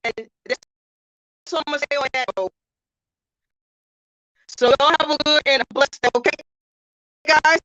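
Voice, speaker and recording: A woman's voice: high voice, fairly even intonation, normal speed, pauses often, pushed and bright, no echo. A woman caller speaking bluntly and outspokenly. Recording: muffled, breaking-up call line.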